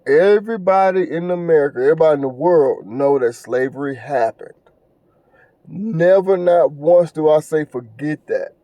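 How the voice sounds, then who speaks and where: A middle-aged man talks solo on his podcast in an earnest, lecturing way. His voice sits a bit high but sounds warm and dark, and he often repeats himself and stumbles over uh's. The recording is dry, with no room sound. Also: moderate pace, dry recording. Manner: earnest, preachy, repeats phrases, stumbles with fillers. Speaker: podcast host. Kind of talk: casual monologue commentary.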